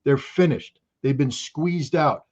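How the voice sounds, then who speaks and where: A man's voice: medium pitch, slow, darkish tone. Emphatic American man, lo-fi sound. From United States. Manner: emphatic, repeats points for force, lecturing. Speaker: guest commentator. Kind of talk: livestream interview.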